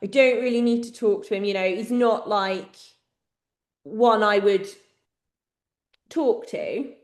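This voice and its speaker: Taking it slowly in a mid-range voice, this English woman co-hosts a podcast, spinning stories in casual conversation and laughing often. The room sounds echoey.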